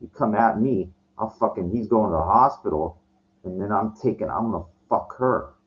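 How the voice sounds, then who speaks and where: Low voiced guy ranting, cursing a lot, keeps restarting, kinda muffled lo-fi audio. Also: moderate pace. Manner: profane, agitated, stumbling restarts. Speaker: vlogger. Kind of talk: casual storytelling rant. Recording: dull lo-fi recording.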